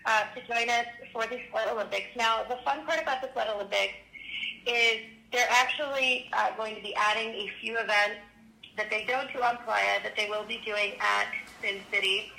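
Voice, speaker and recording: A woman's voice: a little high, fairly even intonation, normal speed, creaky, bright, forceful tone, roomy sound, rough recording. A woman guest, an event organizer, explaining plans in casual chat, enthusiastic and prone to giggling.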